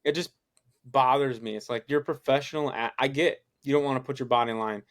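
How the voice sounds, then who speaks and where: A man's voice: mid-range voice, steady tone, fast talker. A young man co-hosting a casual sports podcast, heated and swearing as he retells conversations with friends. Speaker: podcast co-host.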